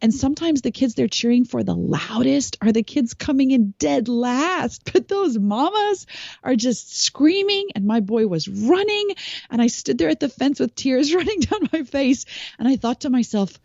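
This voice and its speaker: A woman in her forties from South Africa, a podcast guest telling stories in an animated, expressive way and laughing along. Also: high voice, moderate pace, gravelly, no room sound. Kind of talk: conversational storytelling. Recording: slightly muffled lo-fi recording.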